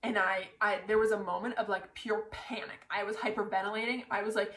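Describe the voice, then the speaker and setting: A woman excitedly retelling her pageant win to camera, talking in a breathless rush full of "like" fillers. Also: medium pitch, brisk, few pauses. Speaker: pageant titleholder. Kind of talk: casual storytelling to camera. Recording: roomy echo.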